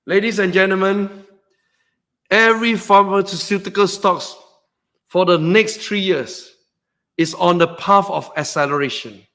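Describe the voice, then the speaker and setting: A man with a very high, bright voice hosts a trading webinar like a motivational speaker. He whoops and shouts to hype up his points, then drops into a low, earnest tone for the serious parts. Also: measured pace, long pauses. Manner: excitable, shouts and whoops for emphasis. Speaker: stock trading webinar host.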